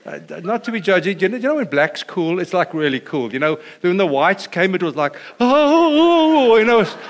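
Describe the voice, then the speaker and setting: Middle-aged male pastor, sermon delivery, animated storyteller who builds to a refrain, voice a touch high. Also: fairly quick.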